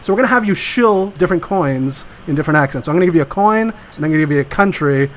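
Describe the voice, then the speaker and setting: Casting: playful male co-host, fairly high voice, faint noise behind. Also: animated, racing. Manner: joking, playful. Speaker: podcast co-host. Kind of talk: casual podcast chat.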